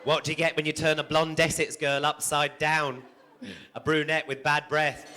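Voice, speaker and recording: A man's voice: a little high, level tone, normal speed, background noise. A man doing bawdy stand-up as a drag comedian in a live club, crude and brash with the crowd. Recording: live club recording with loud crowd and echo.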